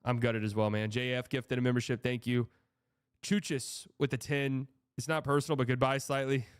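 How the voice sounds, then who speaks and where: A man's voice: medium pitch, level tone, normal speed, smooth, no echo, studio quality. A young man hosting a casual sports livestream, reading out donations and rambling with exasperated, profane reactions. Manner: exasperated, rambling, swearing, reads donor messages aloud.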